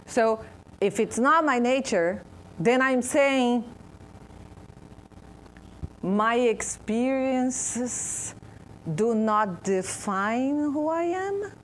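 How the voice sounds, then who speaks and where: A woman with a Brazilian Portuguese accent gives a spiritual talk, drawing answers from her audience. She speaks slowly in a fairly high voice, pausing and restarting as she searches for words. Faint noise stays underneath. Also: lively intonation.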